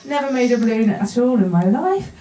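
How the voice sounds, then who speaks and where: This actor's voice sits on the higher side, warm and brisk, swinging widely in pitch as she shares a comic personal tale with an audience at a bar event space. Self-deprecating throughout, she keeps breaking into laughter at her own story, picked up with a roomy, far-off mic.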